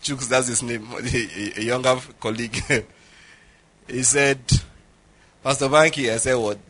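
A man's voice: mid-range voice, fairly even intonation, unhurried, fairly bright tone. A middle-aged man preaching a sermon, telling stories with jokes and Pidgin asides. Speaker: pastor.

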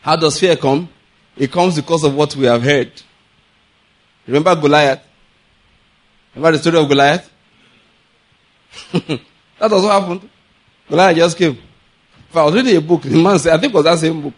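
A Nigerian man preaching a sermon, telling stories in a lively way, laughing often and mixing in pidgin. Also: on the high side, normal speed, pauses often. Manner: animated storytelling, laughs often, mixes in pidgin. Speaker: pastor.

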